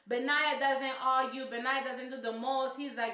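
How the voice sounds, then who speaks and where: A woman's voice: high-pitched, steady tone, moderate pace, few pauses, sharp tone. A woman reviewing a reality show in casual, sassy, emphatic commentary full of slang. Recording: roomy echo.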